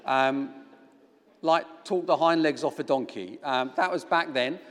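A man's voice: a little high, unhurried, a bit bright. A middle-aged man preaching a sermon, telling a personal story with self-deprecating humor. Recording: long hall reverb.

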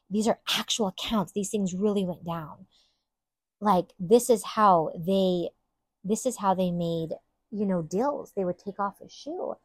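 A woman hosts a Bible teaching podcast in a medium-pitched, unhurried voice, with no room sound. She is earnest and enthusiastic, driving her points home by repeating them emphatically.

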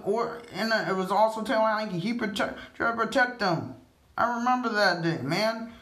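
A man's voice: sits high, fairly bright tone. A man ranting as a sports fan vlogger, frustrated, profane and rambling. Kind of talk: fan rant to camera. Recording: roomy echo.

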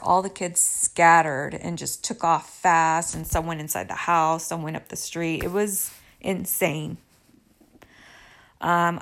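A woman's voice: lowish voice, gravelly. A woman vlogger telling a personal story to her viewers in a confiding way, with apologetic asides. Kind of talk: storytime monologue.

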